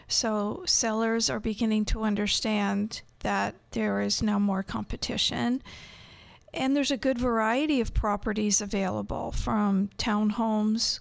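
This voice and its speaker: Slow-talking female real estate agent. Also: on the high side, gravelly. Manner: measured, informative sales talk. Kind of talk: radio interview.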